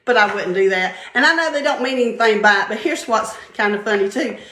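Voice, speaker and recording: A woman's voice: on the high side, brisk, bright, forceful tone, slight background noise. An older woman giving a casual devotional talk, chatty and storytelling, laughing often. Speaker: vlogger sharing faith-based encouragement. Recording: roomy echo.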